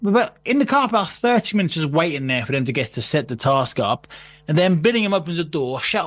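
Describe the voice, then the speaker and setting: A man telling a story in casual chat, animated and laughing, with plenty of swearing. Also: on the high side, fairly quick.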